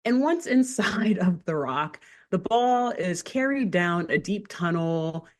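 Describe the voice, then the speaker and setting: A woman co-hosting a podcast, retelling a cartoon episode in casual chat with animated storytelling and lots of filler words. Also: on the low side, slow pace. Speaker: podcast co-host.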